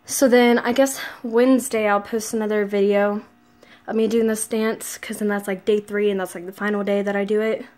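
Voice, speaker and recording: A woman's voice: medium pitch, level tone, normal speed, a little mellow. A young woman vlogging casually after a workout, out of breath and sighing between phrases. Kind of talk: casual vlog chat.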